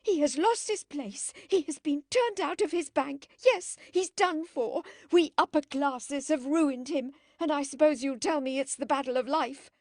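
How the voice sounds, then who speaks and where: A woman reading an audiobook, voicing an impulsive, furious young woman who shouts in sharp high bursts. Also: a little slow, no echo, studio quality, natural voice. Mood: frantic, indignant. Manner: shrill, shouting.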